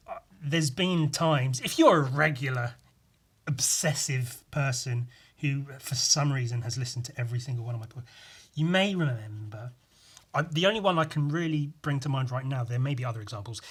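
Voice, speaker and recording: A man's voice: medium pitch, fairly bright tone, husky. A man hosting a casual solo podcast, rambling and self-amused, with plenty of swearing. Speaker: podcast host.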